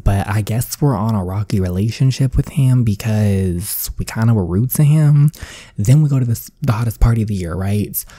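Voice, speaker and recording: A man hosts a let's-play of a story game, talking straight to his viewers in an excitable, chatty way. His voice is very dark and mellow with a husky edge, recorded dry and close. He sounds tired and worn out. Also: on the low side, no room sound. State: tired and sweaty after a vaccine dose. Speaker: gaming YouTuber. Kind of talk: casual let's-play commentary, reading a story game aloud.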